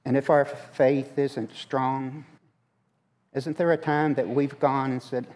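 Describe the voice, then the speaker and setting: A man's voice: mid-range voice, flat delivery, takes it slowly, a little mellow. A man preaching a conversational sermon in a church, asking the congregation questions as he goes. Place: church sanctuary. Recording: long hall reverb.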